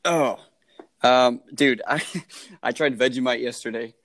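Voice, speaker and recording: A man's voice: mid-range voice, a little slow, fairly bright tone. Give me a laid-back young man as a podcast guest, mid-range voice, casual and laughing easily. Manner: laid-back, laughs often, uses dude and like.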